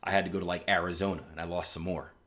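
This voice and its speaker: A man in his thirties with a somewhat low voice chats loosely on a live stream. He rambles and restarts often, then settles into explaining trading charts. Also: flat delivery, very fast, a bit bright. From US East Coast. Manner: rambling storyteller, many restarts and "like", chuckles often. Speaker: forex trading educator. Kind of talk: casual live-stream chat and chart analysis.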